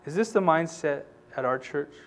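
A pastor preaching a sermon, reading scripture quietly and then building to loud, rising exhortation. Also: male voice, a little high, expressive, normal speed.

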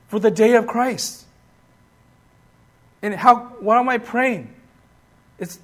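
A man preaching a sermon with passion, asking the congregation rhetorical questions. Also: very high voice. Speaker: pastor.

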